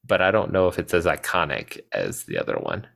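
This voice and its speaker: Male podcast co-host, deep voice, hesitant rambling delivery. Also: huge pitch swings, a little fast, gravelly, fairly bright tone. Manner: rambling, hesitant, many fillers and restarts. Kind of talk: casual movie chat.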